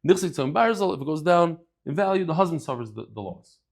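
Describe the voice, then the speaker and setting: A man giving a daily Talmud lecture, conversational and lively, acting out bits of dialogue as he explains with everyday examples. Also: a little high, creaky. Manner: lively, acts out dialogue in quick asides. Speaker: Talmud teacher.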